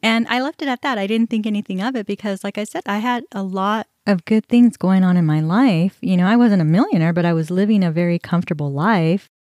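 A woman's voice: mid-range voice, fairly quick, hardly any pauses, a little mellow, no echo, clean studio sound. Candid middle-aged woman telling her story. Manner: candid, conversational, many fillers. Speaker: podcast host. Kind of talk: personal storytelling.

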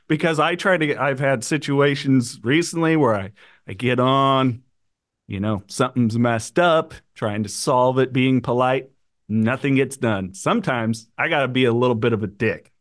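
A man's voice: mid-range voice, moderate pace. A man co-hosting a casual podcast, speaking frankly and plainly. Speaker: podcast co-host.

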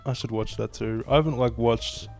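A man's voice: mid-range voice, moderate pace, vocal fry, darkish tone, soft background music. A man in a casual chat, laid-back, giving brief replies and laughing often.

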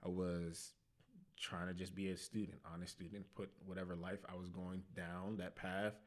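A young man on a podcast, telling his life testimony in casual slang, animated and laughing at himself. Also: sits low, moderate pace. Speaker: podcast guest.

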